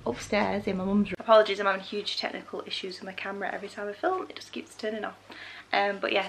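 A woman's voice: medium pitch, creaky, a little hiss or hum. A young woman chatting casually in a home vlog, rambling with frequent ums. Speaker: vlogger. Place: home with puppies.

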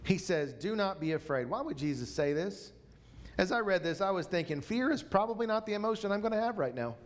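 High-voiced man preaching a sermon. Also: expressive. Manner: emphatic preaching, slows down for repeated lines. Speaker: pastor. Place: church.

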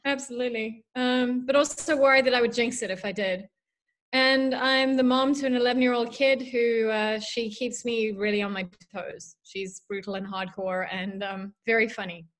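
A woman's voice: a little high, fairly even intonation, moderate pace, fairly bright tone. Chatty South African woman, mixed accent. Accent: mixed South African, drifting toward American and Irish. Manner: chatty, self-deprecating, frequent fillers. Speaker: author guest. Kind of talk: casual interview.

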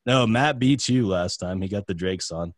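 A man's voice: fairly low pitch, moderate pace, dry recording. A man hosting a casual podcast, running a music quiz and joking around with friends. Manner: joking, reads lyrics in put-on accents. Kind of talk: casual chat.

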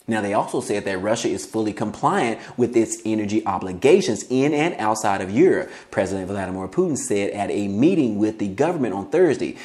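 A man's voice: on the low side, darkish tone. A man hosting a finance news channel, reading news items and adding casual commentary, often addressing viewers as guys.

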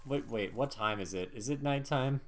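A man's voice: mid-range voice, normal speed, a crowd in the background. A man in casual gaming banter with a friend, joking and defensive, laughing often. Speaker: gamer co-streaming.

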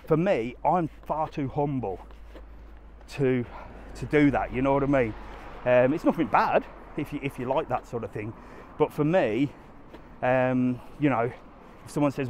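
A man talks to his live audience while strolling a sunny seaside resort, chatty and down-to-earth. His voice sits at an ordinary middle pitch. Faint street and traffic sounds carry behind him. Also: normal speed, a little mellow. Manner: chatty, down-to-earth, answers viewer questions while walking. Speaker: travel vlogger answering live chat. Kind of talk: casual live-stream walking vlog.

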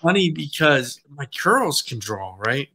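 A man's voice: on the high side, sing-song, measured pace, pushed and bright, a little hiss or hum. A man in a casual chat who tells easygoing, self-deprecating stories.

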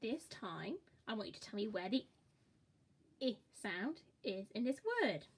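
Brief: woman, children's phonics teacher, slow deliberate delivery, bouncy melodic voice. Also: medium pitch, animated, breathy edge. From England. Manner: slow, encouraging, exaggerated sound-by-sound modelling.

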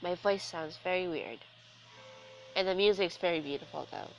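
A young gaming commentator with a sore throat from illness talks at a normal speed in a lowish voice. Her casual let's-play chatter is full of sarcasm and jokes at her own expense. The audio is poor, with soft background music.

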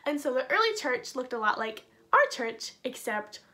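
Chatty kids' church teacher, a woman, high and bright, easygoing and filler-heavy. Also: big pitch swings, normal speed. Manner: bubbly, chatty, lots of "like". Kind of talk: casual children's Bible lesson.

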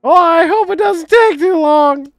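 A man putting on a high falsetto voice with an odd accent for a busy young woman in a video game. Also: extremely slow, bright, forceful tone, dry recording, clean studio sound, heavily acted. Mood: chirpy. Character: young woman office worker, flustered and busy.

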